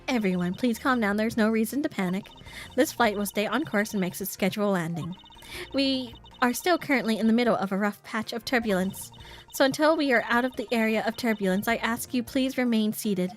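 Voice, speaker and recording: A woman's voice: fairly high pitch, brisk, faint music behind, close to an everyday voice. A woman voicing a stern, officious female flight attendant who speaks in a formal, stiff announcing manner.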